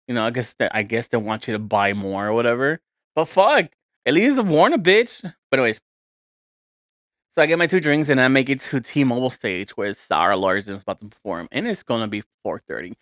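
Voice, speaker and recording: A man's voice: mid-range voice, fairly bright tone, dry recording, studio quality. A man in his thirties hosting a podcast, telling a story in a casual, profane, rambling and exasperated way. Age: 30s. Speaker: podcast host.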